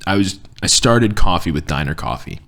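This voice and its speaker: Deep-voiced man joking in casual chat. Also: animated, normal speed, a bit bright. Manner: joking, storytelling, rambling. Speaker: podcast host.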